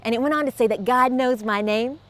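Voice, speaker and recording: A middle-aged woman with a high voice gives a devotional encouragement talk straight to the camera. She speaks warmly and conversationally, often laughing and acting out the words of others. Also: a little fast. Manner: warm, conversational, laughs often, acts out quotes. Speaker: host of a faith encouragement show.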